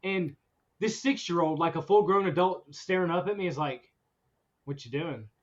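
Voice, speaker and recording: A man with a notably high voice spins a story for his podcast co-hosts, animated and breaking into laughs along the way. The recording is muffled and lo-fi. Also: moderate pace. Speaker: podcast host. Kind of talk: casual storytelling chat. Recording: dull lo-fi recording.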